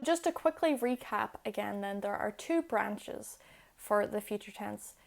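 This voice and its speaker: A young woman explaining grammar step by step, patient and clear, in a video lesson. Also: mid-range voice, lively intonation, unhurried, faint music behind. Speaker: Irish language teacher.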